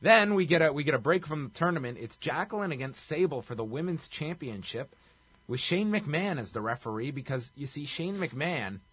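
A man's voice: a little high, expressive, fairly quick, fairly bright tone, slightly rough, no echo. A man co-hosting a podcast, wryly recapping a show from his notes in clipped bursts. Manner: wry, running through notes in clipped bursts. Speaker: podcast co-host. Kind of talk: casual recap chat.

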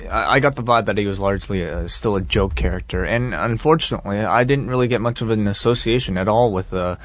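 A man co-hosting a podcast, chatting casually and haltingly with many fillers. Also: lowish voice, muffled recording. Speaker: podcast co-host. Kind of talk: casual chat.

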